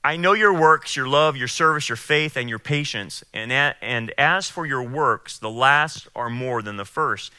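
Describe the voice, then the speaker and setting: A man preaching and teaching the Bible, emphatic, acting out quotes in a raised voice and then explaining calmly. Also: mid-range voice, unhurried, hardly any pauses, smooth, no room sound, studio quality. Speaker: pastor.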